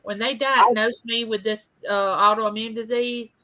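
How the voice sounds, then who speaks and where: A woman's voice: a little high, level tone, unhurried, bright, forceful tone, a little hiss or hum, poor audio. A woman co-hosting a casual livestream chat, friendly and responsive to guests.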